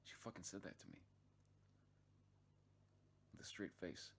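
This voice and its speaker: A man with a low voice tells a personal story in loose, unscripted narration. He swears often, loses his thread, and restarts his sentences. His delivery stays casual and conversational throughout. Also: lively intonation, measured pace, creaky, a bit bright, a little hiss or hum. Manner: rambling, swears freely, many restarts and fillers. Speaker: vlog narrator.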